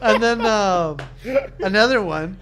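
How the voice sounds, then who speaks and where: A man's voice: high voice, slow. A man telling rambling anecdotes in a casual chat, laughing often and swearing freely.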